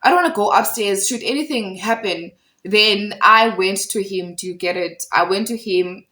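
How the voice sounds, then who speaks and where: A woman's voice: mid-range voice, moderate pace, sharp tone, rough recording. South african girl ranting through a storytime, all fired up, keeps repeating for emphasis. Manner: heated, emphatic, repeats herself for effect. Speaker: storyteller vlogger. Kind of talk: casual storytime retelling.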